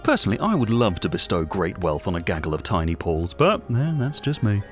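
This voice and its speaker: A man's voice: low voice, big pitch swings, a little fast, faint music behind. A man playing a gossipy vain British radio host. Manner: gossipy, rambling, self-regarding. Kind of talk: comedy radio monologue.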